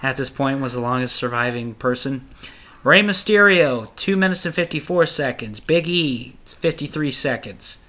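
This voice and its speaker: A young man hosting a solo podcast, reviewing in a casual, rambling way, excitable and full of swearing. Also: medium pitch, normal speed. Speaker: podcast host.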